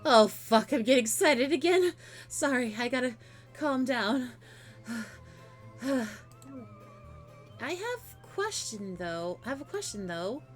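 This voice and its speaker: Woman performing a video game monster fanboy with an axe: obsessive, overexcited, halting speech. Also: a little high, sing-song, soft background music. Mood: agitated. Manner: stammering, gushing, overexcited. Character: obsessive excitable male monster superfan with an axe.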